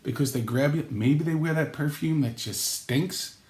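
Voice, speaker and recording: A man hosting a comedic vlog, rambling through jokes and acting out quoted lines with sudden jumps in pitch. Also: moderate pace, darkish tone, reverberant. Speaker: sports vlog host.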